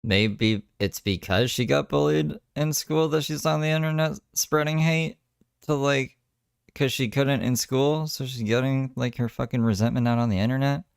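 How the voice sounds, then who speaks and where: A man's voice: mid-range voice, normal speed, creaky, smooth, no room sound, clean studio sound. A man off camera trading mocking, sarcastic retorts.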